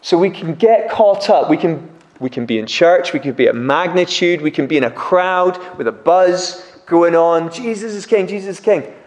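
Animated preacher in an echoey hall. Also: male voice, fairly high pitch, normal speed. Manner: animated, acts out crowd voices. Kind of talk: sermon. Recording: echoey room.

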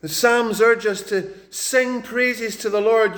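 High-voiced man preaching a sermon. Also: a bit bright. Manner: emphatic, repeats words for stress, slows on scripture quotes.

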